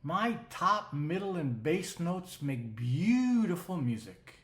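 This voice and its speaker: A man's voice: fairly high pitch, sing-song, slow, fairly bright tone, heavily acted. A man voicing a bragging perfume bottle that taunts its rivals. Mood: boastful. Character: boastful talking perfume bottle, competitive. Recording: roomy echo.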